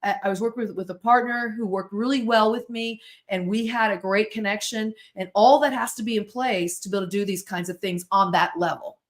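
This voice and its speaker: A middle-aged woman from the United States, a podcast guest telling stories in an animated, self-interrupting way. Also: mid-range voice, a little fast, few pauses. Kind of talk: casual storytelling interview.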